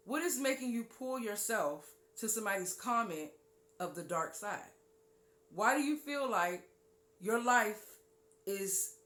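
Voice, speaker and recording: A woman hosting a spiritual talk show. She gives an animated teaching monologue, drops low and quiet on key points, and acts out listeners' voices. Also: roomy sound.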